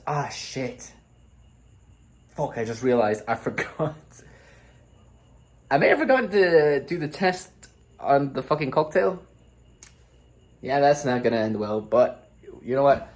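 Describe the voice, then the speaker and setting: A man's voice: medium pitch, lively intonation, a little slow, pauses often. A young man talking casually while cooking in his home kitchen, swearing now and then. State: groggy morning voice. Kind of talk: casual vlog narration.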